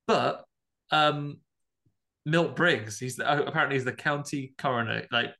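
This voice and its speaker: A man chatting casually on a podcast, his voice bright and forward at an ordinary pitch. He retells the film with animated energy and drops swear words freely. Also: normal speed, vocal fry. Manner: animated, swears, acts out characters. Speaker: podcast co-host. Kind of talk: casual chat recapping a film.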